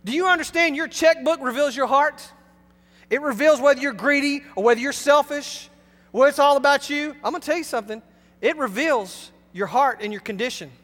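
Man, pastor, very high-pitched, emphatic preaching, long church reverb. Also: fairly quick. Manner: emphatic, preacherly, swings between loud and hushed. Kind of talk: sermon. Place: church sanctuary.

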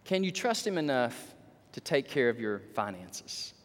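In a church sanctuary, a male pastor delivers an animated sermon in a large hall. He sinks into low, slow passages, then climbs to loud, high exclamations.

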